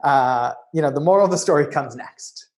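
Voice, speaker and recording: A man speaking as a conference keynote speaker, telling a story in an animated way and often saying "you know.". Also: fairly high pitch, fairly quick. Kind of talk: storytelling talk.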